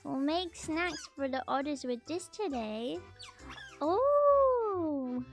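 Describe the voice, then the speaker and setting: High-voiced, slow-talking playful woman streamer. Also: soft background music. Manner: chatty and playful, jumping much higher when excited. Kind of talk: casual stream commentary reacting to a video.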